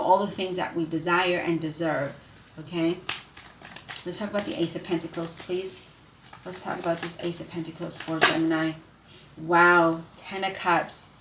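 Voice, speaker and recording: A woman giving a casual spoken tarot reading, effusive and emotional, who keeps asking "right?" and calling her viewers "you guys". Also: on the low side. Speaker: tarot reader. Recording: echoey room with steady noise.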